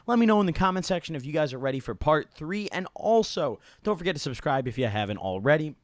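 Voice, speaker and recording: A man's voice: fairly high pitch, big pitch swings, fast talker, dry recording, studio quality. A young man telling a rambling, slang-heavy story to his viewers, full of "like" and "dude" and casual swearing. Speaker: YouTuber.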